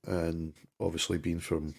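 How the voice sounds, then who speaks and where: A man's voice: deep voice, level tone, measured pace, vocal fry, background noise. A middle-aged man from Clydebank with a Glasgow-area Scottish accent, telling stories on a casual live-stream chat and swearing freely. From Scotland, Clydebank near Glasgow. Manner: storytelling, swears freely, restarts a lot. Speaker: co-host.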